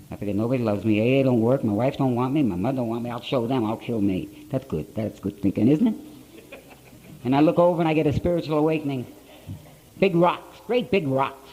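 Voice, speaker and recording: Mellow-voiced man telling a blunt story. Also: medium pitch, low-quality recording. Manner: blunt storytelling in plain rough grammar. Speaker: speaker at a recovery conference. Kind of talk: personal recovery story told to an audience. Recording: old conference tape.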